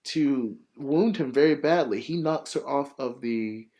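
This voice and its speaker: A man hosts a casual podcast, telling a movie plot with lots of fillers and cursing. His pitch sits in the middle range for a man. The delivery is loose and animated. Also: measured pace. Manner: rambling, profane, animated storytelling with many fillers. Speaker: podcast host.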